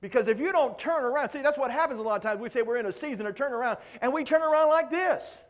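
A middle-aged man preaching a sermon, acting out prayers in a raised pleading voice, then dropping low. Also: quick pace, lo-fi sound.

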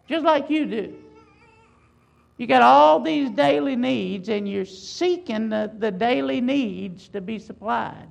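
A woman preaching a sermon in a high voice with a gravelly, creaky texture. She drives her points home with one rhetorical question after another, in an emphatic delivery. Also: animated, moderate pace, poor audio.

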